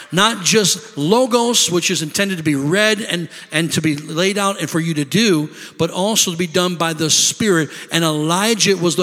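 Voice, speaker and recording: Bright-voiced male preacher in a hall. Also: sits high. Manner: preaching with call-and-response asides. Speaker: pastor. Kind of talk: sermon. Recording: long reverb of a large hall.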